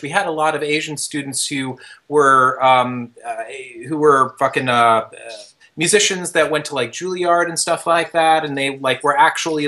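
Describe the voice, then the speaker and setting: A young man hosting a podcast, telling a long story in casual, rambling chat, full of fillers, restarts and casual swearing, shouting out the quoted lines. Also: fairly high pitch. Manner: animated, loose storyteller with many fillers and restarts. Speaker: podcast host.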